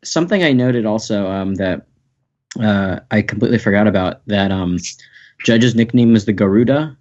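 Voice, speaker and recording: A man's voice: on the low side, moderate pace, darkish tone. A man co-hosting a podcast in casual chat, hesitant and full of ums and restarts. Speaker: podcast co-host. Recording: muffled lo-fi recording.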